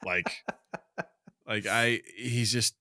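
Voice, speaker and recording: Male podcast co-host: bright, animated, laughing, dry close sound. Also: lowish voice, no echo. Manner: animated, laughing, voices his dogs in quick asides. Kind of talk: casual chat.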